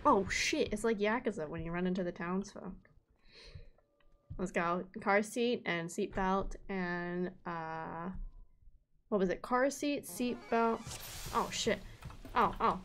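A woman's voice: mid-range voice, slow pace, long pauses, soft background music. Bubbly young woman streamer chatting. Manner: bubbly, excitable, chatty with chat. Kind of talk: casual live-stream game chat.

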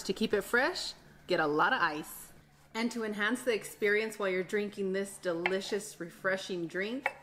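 A woman's voice: mid-range voice, a bit bright. A woman hosting a home cooking channel, explaining recipes step by step in a friendly, chatty way with frequent laughs. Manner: friendly, laughs often, addresses viewers as friends. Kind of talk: recipe instruction with family chat.

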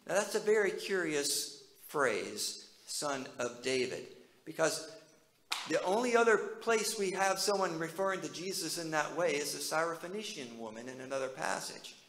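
Brief: male pastor, sermon delivery, slightly raised pitch, asks the congregation questions, echoey room. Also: expressive, moderate pace, a bit bright, a little hiss or hum. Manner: conversational, asks the listeners many questions.

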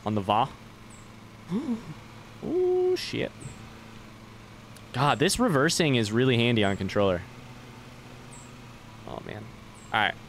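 A man's voice: medium pitch, animated, slow, long pauses, a bit bright, slight background noise. A young man streaming a game live, chatting loosely with viewers and swearing casually as he plays.

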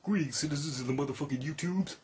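A man voicing a slow, mock-grand fake documentary narrator who swears. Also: on the high side, a little mellow, a little hiss or hum, lightly acted. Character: deadpan fake-documentary narrator impression, male.

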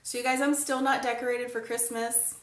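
Her voice a little high and her delivery flat and a little fast, a woman runs a casual live craft stream from home. She greets viewers by name while working and chatting, in an echoey room.

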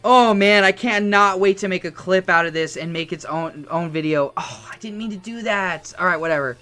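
A young man streaming a game, yelling and cursing with joy, his voice hoarse from shouting. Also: high voice, moderate pace. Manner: ecstatic shouting, cursing, repeated yells of yes. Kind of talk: live-stream game reaction.

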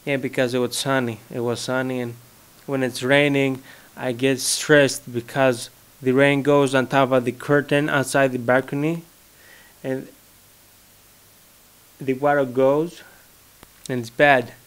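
Slow-talking young Greek-accented man. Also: medium pitch, little pitch movement, clean tone. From Greece. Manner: rambling, joking, searches for words. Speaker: vlogger. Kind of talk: casual solo monologue. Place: his home.

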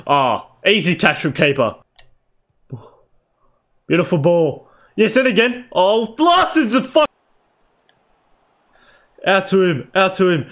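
Young guy, highish voice, yelling and swearing at his football game, lots of "bro" and "boys". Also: measured pace, long pauses. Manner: swears freely, shouts at players, says "bro" and "boys". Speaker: gaming YouTuber. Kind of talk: excited gameplay commentary.

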